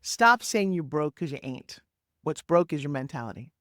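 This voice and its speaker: A woman in her sixties, a podcast guest talking over a video call, telling her story in an energetic, emphatic way with big swoops in pitch. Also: normal speed, dry recording, studio quality. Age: 60s. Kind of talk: animated interview storytelling. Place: home office, Florida.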